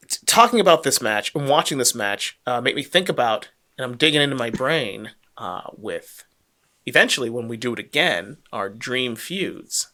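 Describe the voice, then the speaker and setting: A man co-hosting a podcast, telling a story with excitement and plenty of swearing in casual chat. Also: medium pitch. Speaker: podcast co-host.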